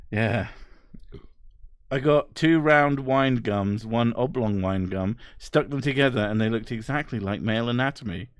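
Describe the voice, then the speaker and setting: A man's voice: mid-range voice, unhurried, smooth, dry recording, studio quality. A young man streaming and reading out chat, swearing often and laughing as he talks. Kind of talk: casual live-stream chat.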